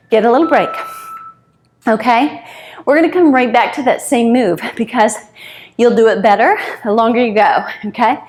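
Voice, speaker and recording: A woman's voice: a little high, normal speed. A woman in her fifties coaching a home interval workout, counting out moves and a little out of breath as she exercises along. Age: 50s. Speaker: fitness instructor.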